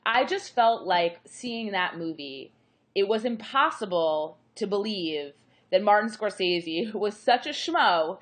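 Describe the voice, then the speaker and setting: A woman's voice: mid-range voice, lively intonation, measured pace. A woman talking about movies from home over a call, chatty and reflective, with many restarts. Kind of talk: casual conversation about movies.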